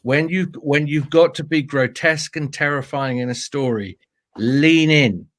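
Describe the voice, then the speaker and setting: A British man, a storyteller, telling funny anecdotes in a playful, animated way during a casual interview. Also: on the high side, measured pace. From Britain. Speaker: storyteller guest.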